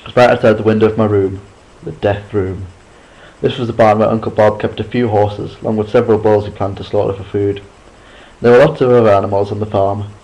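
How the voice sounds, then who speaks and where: A man reading a chapter book aloud at a steady pace, sometimes restarting a line after a slip. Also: on the low side, lo-fi sound. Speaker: reader. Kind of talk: amateur audiobook reading.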